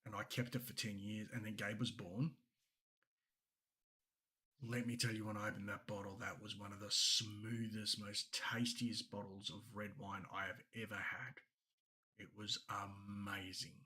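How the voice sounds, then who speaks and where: Co-hosting a casual podcast chat, an Australian-accented man speaks unhurriedly in a lowish, sharp-toned voice with flat delivery. He rambles through stories, laughing frequently.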